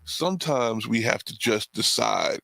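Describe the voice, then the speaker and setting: A man co-hosting a podcast who talks through ideas in a thoughtful, relaxed way and laughs along. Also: mid-range voice, unhurried, gravelly, no room sound. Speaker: podcast co-host. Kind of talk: casual reflective chat.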